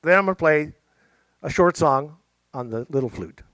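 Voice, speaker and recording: A man's voice: fairly high pitch, lively intonation, normal speed, fairly bright tone, dry recording. A middle-aged man telling a story casually to a library audience, chatty and jokey with playful asides. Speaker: musician and storyteller. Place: library event room.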